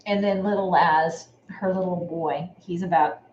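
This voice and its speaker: A woman on a home live stream, chatting loosely and thanking viewers by name between stories. Her voice sits a little low for a woman. The room is echoey, with a faint hiss underneath. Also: steady tone, a little slow, darkish tone, highs cut off. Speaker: sewing channel host. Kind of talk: casual live-stream chat.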